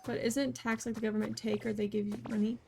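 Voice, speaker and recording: A woman's voice: on the high side, little pitch movement, fast talker, vocal fry. Chatty woman streamer over game music. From United States. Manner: chatty and playful, reading game lines aloud. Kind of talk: casual gameplay chat.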